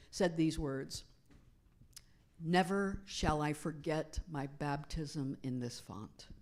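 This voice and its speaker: Woman minister, slightly low voice, chatty sermon with questions to the congregation, animated then hushed. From United States. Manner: conversational, asks the congregation questions; animated storytelling, softening to hushed emphasis. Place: church sanctuary.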